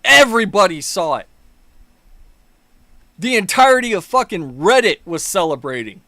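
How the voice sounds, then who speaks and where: A man's voice: high voice, big pitch swings, moderate pace, sharp tone, no echo. A man hosting his own political commentary video, ranting angrily with heavy profanity and mocking sarcasm. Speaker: commentary channel host.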